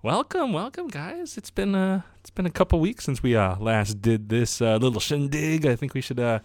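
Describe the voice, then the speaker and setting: A man's voice: mid-range voice, lively intonation, a little fast, a little mellow, no room sound. Male podcast host, chatty and upbeat, dry close mic. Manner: upbeat, filler-heavy host patter. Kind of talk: casual chat over beers.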